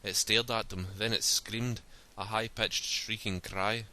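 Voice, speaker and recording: Low-voiced man reading a story. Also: steady tone, measured pace, pushed and bright. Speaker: narrator.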